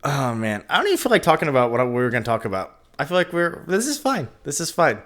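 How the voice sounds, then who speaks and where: A young man hosting a podcast with a friend. His voice is bright and his pitch moves up and down a lot. He keeps the talk loose, playful and jokey. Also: wildly swooping pitch, fast. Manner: playful, jokey, sings out goodbyes. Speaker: podcast co-host. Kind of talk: casual chat.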